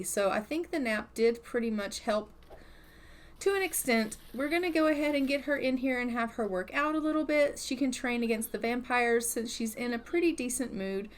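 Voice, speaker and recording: Woman, casual game commentary, chatty, rambling, fairly high voice. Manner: chatty and rambling, hedges often.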